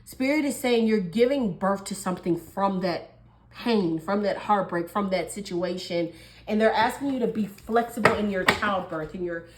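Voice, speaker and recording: A woman's voice: medium pitch, background noise. Chatty woman giving a tarot reading. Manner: chatty, musing, laughs often. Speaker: tarot reader.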